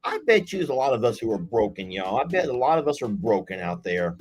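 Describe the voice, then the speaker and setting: A man's voice: fairly low pitch, sing-song, fast, faint music behind. A man hosting a live game night stream, chatting in a folksy way and reading viewer comments aloud. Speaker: livestream game host.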